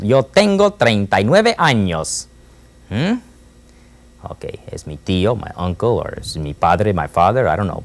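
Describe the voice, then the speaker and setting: A man leads a Spanish lesson, slowly repeating each phrase for the class to echo. His voice has a gravelly, creaky edge. His pitch swings widely between low asides and high, emphatic prompts. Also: a little mellow. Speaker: Spanish teacher.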